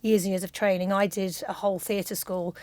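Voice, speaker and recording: A woman's voice: mid-range voice, level tone, brisk, darkish tone, no room sound. A middle-aged woman from London with a London accent, a choreographer and director chatting enthusiastically as a radio interview guest on a studio mic. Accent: London English.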